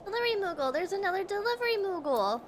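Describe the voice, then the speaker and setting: A woman's voice: extremely high pitch, very animated, fast talker, slight background noise. A woman streaming a video game, chatting in a bubbly way with her viewers. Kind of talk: casual gameplay commentary. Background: game music.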